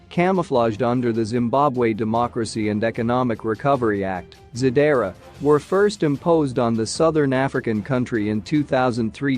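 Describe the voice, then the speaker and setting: A man reading a news bulletin in a steady, even, scripted way. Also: mid-range voice. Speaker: news reader.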